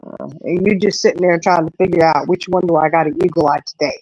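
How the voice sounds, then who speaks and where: A middle-aged woman, chatting casually and telling a lively story, acting out the voices in it. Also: on the low side, fast talker, no echo, muffled recording. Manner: animated storyteller, acts out quotes. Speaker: host. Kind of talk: casual chat.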